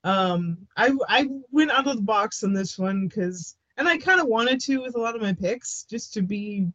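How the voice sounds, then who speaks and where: A woman's voice: mid-range voice, expressive, normal speed, a bit bright, dry recording, dull audio. A Canadian woman co-hosting a podcast in casual chat, laughing often and hesitating with lots of fillers. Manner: giggly, hesitant, many fillers. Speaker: podcast co-host.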